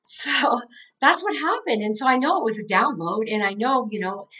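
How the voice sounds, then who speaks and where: A woman's voice: fairly high pitch, expressive, normal speed, bright, forceful tone, poor audio. Earnest middle-aged woman telling her story. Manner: earnest, heartfelt storytelling with many "like" fillers. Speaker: author and coach, podcast guest. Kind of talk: casual interview conversation.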